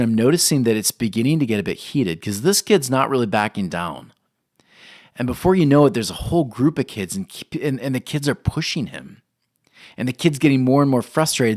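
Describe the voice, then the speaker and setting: A man delivers a sermon, voice at an ordinary middle pitch. He tells stories in an animated, conversational way, often jumping higher as he acts out scenes. The sound is dry, with little room echo. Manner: animated storytelling, acting out scenes with rising pitch. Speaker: pastor. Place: church or studio recording.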